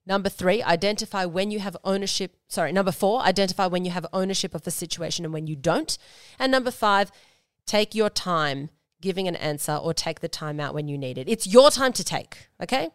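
A woman hosting an advice podcast, her voice pitched low and a little nasal. She speaks close to the mic in a dry room. She is emphatic and drives each point home with a repeated "okay?". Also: lively intonation, a little fast, clear, resonant tone, no echo. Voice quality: slightly nasal today. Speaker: podcast host.

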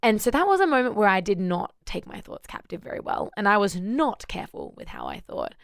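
A woman's voice: medium pitch, brisk, vocal fry, no room sound, studio quality. A woman co-hosting a faith podcast, telling a personal story in casual chat with frequent laughs. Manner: animated storytelling, laughs often. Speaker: podcast co-host.

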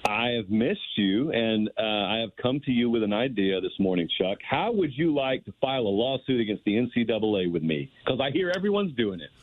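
A man's voice: mid-range voice, animated, fairly quick, few pauses, no room sound. Man, guest analyst, thoughtful, wondering aloud, phone-line sound, dry. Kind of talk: sports talk radio interview.

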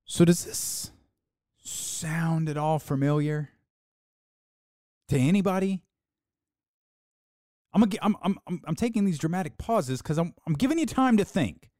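Podcast host, sarcastic monologue, swooping animated pitch, mocking quotes, close dry mic. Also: no echo. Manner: sarcastic, with mocking put-on quotes and dramatic pauses. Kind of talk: opinionated sports talk monologue.

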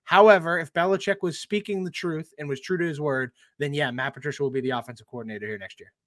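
A man talking sports in a casual chat as a guest, answering in a measured way and weighing each point. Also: on the high side, a bit bright, dry recording, studio quality. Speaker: podcast guest.

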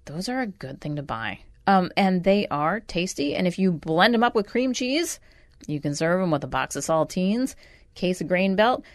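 A woman's voice: lowish voice, expressive, moderate pace, no echo. Wry, chatty radio host woman. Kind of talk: casual radio chat and recipe tips.

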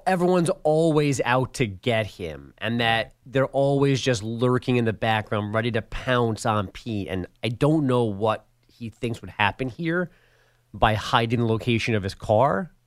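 A man's voice: medium pitch, lively intonation, unhurried, no room sound, clean studio sound. A man on a sports radio show, telling wry stories in a laid-back way during casual banter.

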